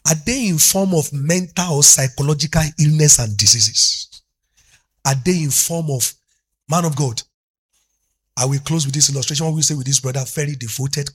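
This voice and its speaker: A man's voice: medium pitch, normal speed, slightly rough. A middle-aged Nigerian man preaching a fervent sermon as a pastor, moving between English and Yoruba.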